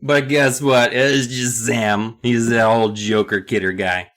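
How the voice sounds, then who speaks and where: A man's voice: medium pitch, fairly even intonation, slow, fairly bright tone. A man co-hosting a podcast, recapping a book with rambling, joking asides. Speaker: podcast co-host. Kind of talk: casual comedic book recap.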